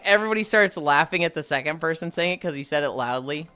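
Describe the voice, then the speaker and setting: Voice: mid-range voice, brisk, hardly any pauses, pushed and bright, clear, resonant tone. A livestreamer chatting casually with viewers, telling stories with frequent sighs and laughs. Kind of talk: casual live-stream chat.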